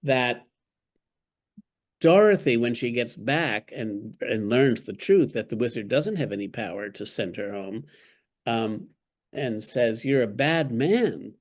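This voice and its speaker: A man with a mid-range voice and lively intonation talks slowly. Interviewed as a podcast guest and author, he spins stories in an articulate, wry style and chuckles as he goes.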